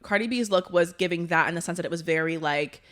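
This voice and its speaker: Bright-voiced chatty young woman host. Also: fairly low pitch, fast talker. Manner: chatty, animated storytelling with lots of "like". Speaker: podcast host. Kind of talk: casual chat.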